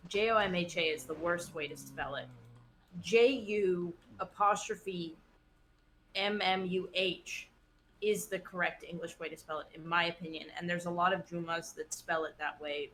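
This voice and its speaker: A woman's voice: fairly low pitch, steady tone, moderate pace, fairly bright tone, slight background noise. A woman from the West Coast telling stories in casual chat while gaming, with lots of "like". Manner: chatty storytelling, lots of "like". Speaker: streamer.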